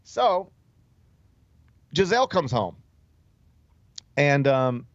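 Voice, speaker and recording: A man's voice: a little high, sing-song, very slow, no echo, highs cut off. A male talk show host telling a story in a casual, rambling way, with many fillers and restarts. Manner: loose, rambling delivery full of "like" and "um", with frequent restarts. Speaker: sports radio host.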